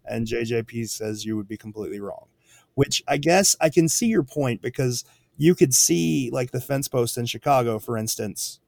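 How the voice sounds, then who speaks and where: A man co-hosts a casual podcast, putting questions to the others. His voice sits at an everyday middle pitch, recorded dry and close. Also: animated, creaky, a little mellow, no room sound. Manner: questioning, quick back-and-forth. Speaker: podcast co-host.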